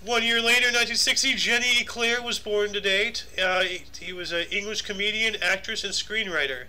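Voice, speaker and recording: Man, higher voice, very bright tone, jokey, casual chat co-host. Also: steady tone. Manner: jokey, reads lists quickly. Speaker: podcast co-host reading dates.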